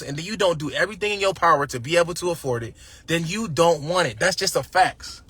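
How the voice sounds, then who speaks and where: A man's voice: fairly high pitch, animated, a little fast, sharp tone, husky, no room sound. A young man giving an emphatic, slangy motivational talk, then chatting casually with a friend. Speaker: host.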